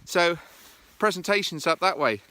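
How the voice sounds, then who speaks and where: Male presentation coach, walking vlog outdoors, fairly high and bright tone, chatty, pokes fun at himself. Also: normal speed, no echo. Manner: chatty and self-deprecating, with frequent "uh" fillers. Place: outdoors in the countryside.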